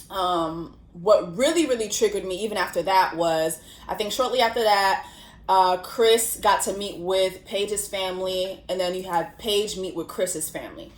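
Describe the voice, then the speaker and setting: A young woman hosting a casual commentary vlog, telling the story in an animated, slangy way with lots of swearing. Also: mid-range voice. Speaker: host. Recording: roomy echo.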